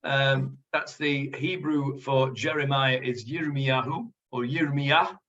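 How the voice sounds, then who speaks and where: Bright chatty rabbi on a muffled call. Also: male voice, medium pitch, fairly even intonation, takes it slowly, distant mic. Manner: chatty, explains Hebrew words to students. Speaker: rabbi teaching a Talmud class. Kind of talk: online Talmud lesson. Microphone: video call. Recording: dull lo-fi call audio from off-mic.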